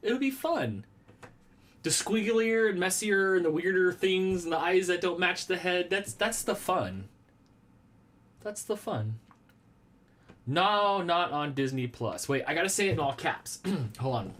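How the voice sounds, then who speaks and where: A man's voice: high voice, animated, unhurried, a bit bright. A man hosting a casual live stream from a small room at home. He rambles in a playful way, answers viewer comments and jokes about himself. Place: small room at home with a red wall and lava lamps.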